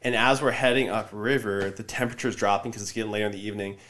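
A man telling a story in casual podcast chat, acting out shouted lines with energy. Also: on the low side, rapid-fire, a little hiss or hum. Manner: animated, loud when acting out shouted lines.

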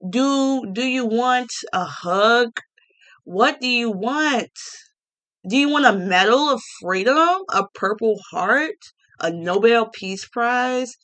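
A woman's voice: a little high, animated, slow, fairly bright tone. Blunt sarcastic young woman ranting. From Gary, Indiana. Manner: blunt, sarcastic, profane, laughs often. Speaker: vlogger. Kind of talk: casual ranting monologue.

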